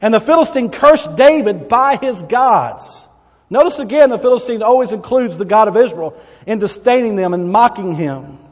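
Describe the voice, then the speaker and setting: High-voiced preacher in a reverberant hall. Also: male voice, lively intonation, normal speed, darkish tone. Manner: dramatic Bible reading with asides. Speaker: pastor. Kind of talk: sermon.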